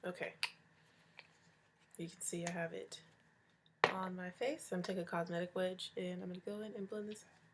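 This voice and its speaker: A woman's voice: fairly low pitch, steady tone, moderate pace, pauses often, very noisy. A young woman in her twenties, congested and chatty, talking through a casual makeup tutorial as a beauty vlogger. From Hawaii. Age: 20s. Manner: chatty, upbeat and talkative. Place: home, early morning.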